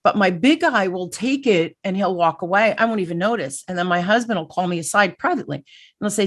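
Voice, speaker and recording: Energetic middle-aged woman hosting an interview. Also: mid-range voice, quick pace. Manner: energetic, animated, self-deprecating storyteller. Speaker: podcast host. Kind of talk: casual conversational interview.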